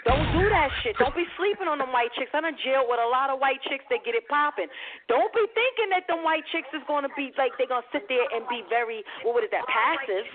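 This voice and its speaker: A woman's voice: high-pitched, expressive, brisk. A woman co-hosting a podcast in casual chat, blunt and scolding, swearing freely. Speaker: podcast co-host. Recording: tinny phone-like line with clear hiss.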